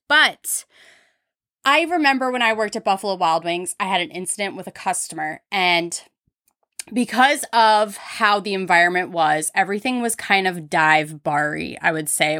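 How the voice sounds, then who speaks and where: Young woman podcaster, candid chatty storyteller, bright tone, dry studio sound. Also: mid-range voice, no echo. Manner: candid, frequent "like" fillers. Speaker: podcast host. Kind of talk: casual storytelling.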